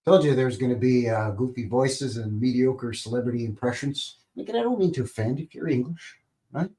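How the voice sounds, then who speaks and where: A man's voice: mid-range voice, animated, a little fast, dark tone. A Canadian man hosting a casual livestream, rambling and enthusiastic, often chuckling. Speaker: livestream host. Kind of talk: casual live-show chat.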